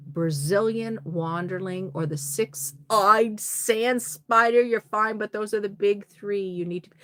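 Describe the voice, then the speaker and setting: Slow-talking woman chatting on a livestream. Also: medium pitch, a bit bright. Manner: chatty, reads comments aloud and reacts with laughs. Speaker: livestream host reading viewer comments. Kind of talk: casual livestream chat.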